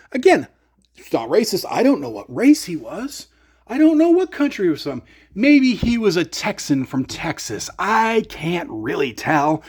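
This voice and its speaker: A man telling a casual story as a rant on his gear channel, sarcastic and animated. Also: high voice, measured pace, slightly rough.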